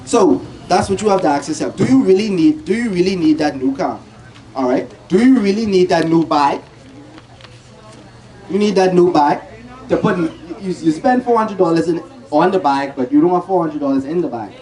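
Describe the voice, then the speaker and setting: A man's voice: a little high, animated, moderate pace, a little mellow, poor audio. A man giving a financial talk, asking rhetorical questions and restarting his sentences often. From Bahamas. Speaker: presenter at a credit union talk.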